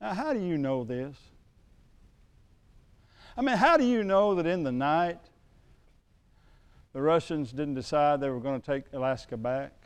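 A middle-aged man preaching a sermon, moving from quiet storytelling to emphatic calls to the congregation. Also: mid-range voice, smooth. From United States. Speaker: pastor.

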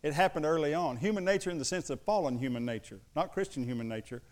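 Man, pastor, sermon storytelling, slightly high voice, acts out voices. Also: fast talker. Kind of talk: sermon with personal stories.

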